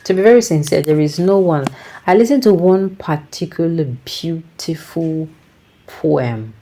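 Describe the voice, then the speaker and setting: A woman's voice: low voice, lively intonation, a little slow, dark tone. A Nigerian woman giving reflective casual commentary, slipping into Pidgin and restarting her sentences.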